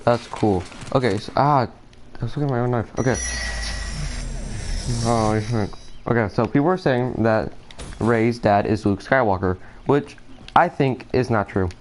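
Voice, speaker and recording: A man's voice: mid-range voice, normal speed, long pauses, a little hiss or hum. A man talking through a theory while playing a shooter game, hesitant and distracted, with many fillers and restarts. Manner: distracted, nervous, apologetic. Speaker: gaming video creator.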